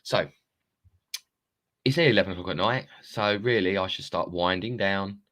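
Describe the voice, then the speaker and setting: Low-voiced rambling man on a phone live stream. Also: moderate pace, a bit bright. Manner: rambling, chatty, swears, laughs at himself. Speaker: live-streaming self-help coach. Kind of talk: casual live-stream monologue.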